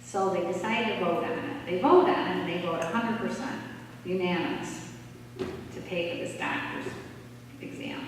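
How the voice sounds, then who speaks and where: A woman giving a storytelling talk in a church, lively and acting out the people she quotes. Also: lowish voice, normal speed, slight background noise. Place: church hall. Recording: echoey church hall, distant mic.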